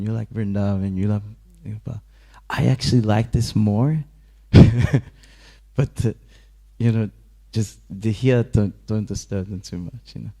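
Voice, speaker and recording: A man giving a casual devotional class at a temple, telling a story in a relaxed, chuckling way and briefly acting out the characters' lines in a raised voice. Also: fairly low pitch. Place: temple room.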